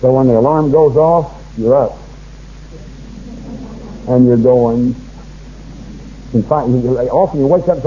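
A man's voice: mid-range voice, moderate pace, long pauses, dark tone, highs cut off, slight background noise. A man preaching a fervent sermon, reading scripture aloud and rising in force as he warns his listeners.

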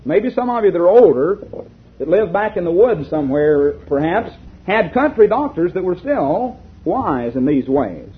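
A man's voice: high voice, big pitch swings, normal speed, slightly rough. A man preaching a sermon, reading a story aloud and asking the congregation rhetorical questions. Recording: lo-fi tinny recording.

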